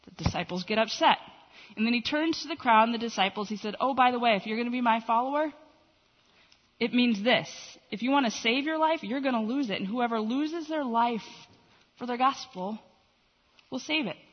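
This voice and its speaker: A woman giving a conversational Bible teaching, retelling scenes with lively quoted voices. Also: fairly high pitch, normal speed. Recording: dull reverberant hall recording.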